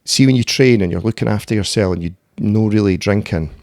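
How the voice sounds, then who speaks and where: Give me a blunt Scottish man with a low voice, chatting casually in a dry room. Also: brisk, darkish tone, no echo. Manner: blunt, sweary storytelling with frequent "eh" and "mate". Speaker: podcast guest, MMA fighter and doorman. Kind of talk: casual conversational interview.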